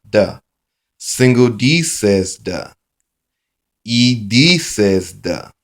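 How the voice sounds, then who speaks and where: Male phonics teacher, slightly low voice, unhurried sing-song drilling of letter sounds. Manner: chanting sound cards in a sing-song rhythm; slow, deliberate, repetitive.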